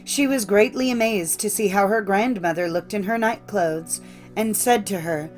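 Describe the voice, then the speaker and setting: Woman narrator, measured and clear, mid pitch, faint music behind. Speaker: audiobook narrator. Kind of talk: scripted storybook narration.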